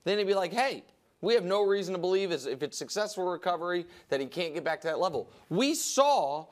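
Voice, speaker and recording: Male sports-talk host, high voice, emphatic debater. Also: big pitch swings, a little fast. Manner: emphatic, argumentative, stacks points.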